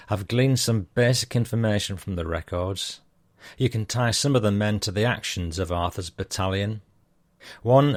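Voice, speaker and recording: A man's voice: deep voice, no room sound, clean studio sound. A middle-aged man, hosting a podcast and reading listener messages aloud in an easygoing, self-deprecating way. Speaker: podcast host.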